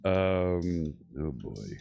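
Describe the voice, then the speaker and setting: A man's voice: low-pitched, sing-song, extremely slow, vocal fry, a little mellow, highs cut off. A man hosting a live coding stream, chatting casually and thinking aloud with frequent fillers and restarts.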